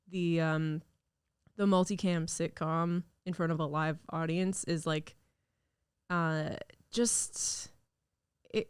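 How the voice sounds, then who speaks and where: Chatty woman with a smooth, dry voice. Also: fairly low pitch, no echo. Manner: chatty, rambling, lots of fillers. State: recovering from illness. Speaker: podcast host. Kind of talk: casual solo podcast chat. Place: recording studio.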